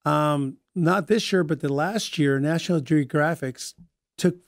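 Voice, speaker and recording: A man talks as a guest on a radio show, spinning anecdotes in a lively, chatty way. His voice sits fairly high. It sounds close and dry. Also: unhurried, creaky, no echo. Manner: chatty, lively storyteller acting out quoted voices. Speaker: guest, Native dancer. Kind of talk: casual radio interview storytelling. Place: radio studio.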